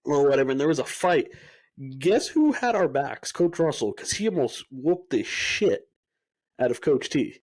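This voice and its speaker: A man's voice: on the high side, animated, moderate pace, darkish tone. A young man co-hosting a casual podcast, telling stories with energy, acting out quoted dialogue and swearing freely. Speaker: podcast co-host. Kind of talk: casual chat.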